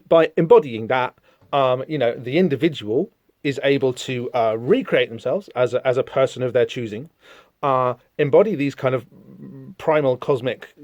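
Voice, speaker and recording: A man's voice: mid-range voice, darkish tone, no echo. Rambling male podcast host, dry dull sound. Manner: rambling, filler-heavy, enthusiastic. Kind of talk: casual comic-book discussion podcast.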